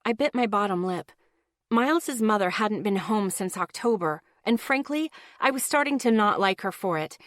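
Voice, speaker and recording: A woman's voice: mid-range voice, animated, moderate pace, fairly bright tone, dry recording. Woman narrating an audiobook, dry close sound. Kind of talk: first-person audiobook narration.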